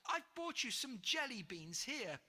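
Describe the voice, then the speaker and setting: A reader voicing an eager, excitable young boy in a storybook read-aloud, with high, breathless exclamations. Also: measured pace, full character voice. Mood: excited, anxious. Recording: reverberant room, soft music.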